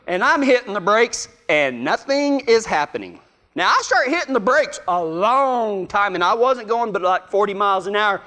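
A man's voice: high voice, pushed and bright. A middle-aged man, a preacher telling a folksy, self-mocking story to his listeners. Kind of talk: storytelling sermon.

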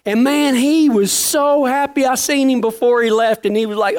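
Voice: sits high, moderate pace, hardly any pauses, darkish tone. Cowboy, casual storytelling, folksy, rural slang, plain-spoken. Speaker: working cowboy.

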